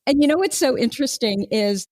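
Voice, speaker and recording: A woman's voice: sits high, animated, a little fast, darkish tone, dry recording, studio quality. A woman in her forties hosting a podcast, chatting casually and laughing often. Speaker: podcast host. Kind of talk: casual interview chat.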